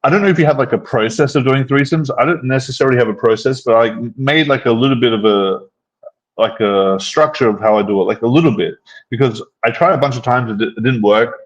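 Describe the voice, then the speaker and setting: A man's voice: medium pitch, fast, dull audio. Rambling man in casual chat. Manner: rambling, frequent restarts and fillers. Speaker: host.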